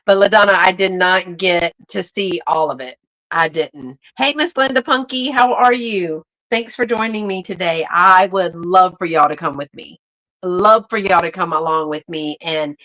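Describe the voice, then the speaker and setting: Chatty and bubbly, a YouTube vintage reseller talks to her live-stream viewers, addressing them as y'all amid many fillers and restarts. Her voice is lowish and a bit bright, and the recording is low quality.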